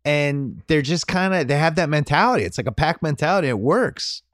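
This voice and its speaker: A man's voice: a little high, expressive, fairly quick, a bit bright, no echo. Dry-voiced man hosting a sports podcast. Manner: opinionated, talks through points in short bursts. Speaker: podcast host. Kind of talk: casual sports chat.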